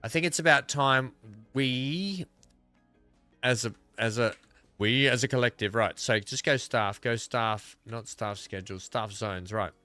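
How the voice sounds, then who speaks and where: An Australian man talks his way through a building game, trailing off and thinking aloud as he goes. His voice is bright and crisp, recorded close and dry with faint music underneath. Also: medium pitch, a little slow, dry recording. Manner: rambling, thinking aloud while playing. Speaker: gaming video creator. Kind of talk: casual gameplay commentary.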